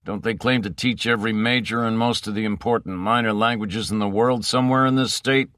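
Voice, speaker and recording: A man's voice: on the low side, steady tone, fairly quick, fairly bright tone, dry recording, clean studio sound, close to an everyday voice. A man reading the part of a shrewd male detective with a wry, sardonic way of talking.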